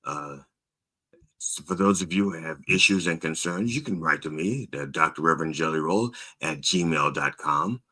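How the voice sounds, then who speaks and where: A man's voice: extremely low pitch, moderate pace, sharp tone. A man hosting his own show in a casual monologue, telling a story animatedly, acting out both sides of a call, with frequent repeats and restarts. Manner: repeats words and restarts often. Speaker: host.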